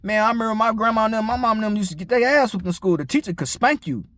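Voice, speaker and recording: A man's voice: high-pitched, rapid-fire, fairly bright tone, no echo, clean studio sound. A young man, talking in a blunt, profane, preachy casual monologue. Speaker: commentator.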